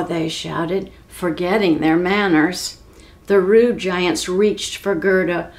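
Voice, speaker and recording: A woman reading a children's story aloud as a library storyteller. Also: lowish voice. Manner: slow, expressive read-aloud.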